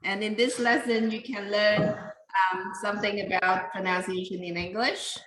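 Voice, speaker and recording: A woman's voice: medium pitch, level tone, moderate pace, fairly bright tone, echoey room, slight background noise, low-quality recording. A woman teaching an English pronunciation class, patiently explaining and calling on students by name.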